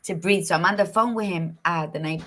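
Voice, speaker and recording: A middle-aged woman co-hosting a casual talk show, chatting in an expressive, frank and folksy way, with Spanish words mixed in. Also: lowish voice, a little fast. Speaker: podcast co-host. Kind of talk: casual chat.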